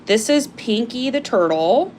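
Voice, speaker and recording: A woman's voice: a little high, a little slow, slight background noise. Chatty woman selling live on stream. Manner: chatty, gushing and animated, with frequent fillers. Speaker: live-stream seller of crystal carvings. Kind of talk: casual live-stream sales chat.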